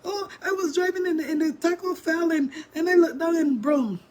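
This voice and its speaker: A jittery teenage girl pleads with her mother in a raised, hurried voice, words tumbling out in a rush, as a woman retelling a story puts her on. The voice sits well above an ordinary speaking voice. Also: lively intonation, a little mellow, breathy edge. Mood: panicked. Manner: high, rushed, pleading. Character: excitable teenage daughter, pleading and panicky.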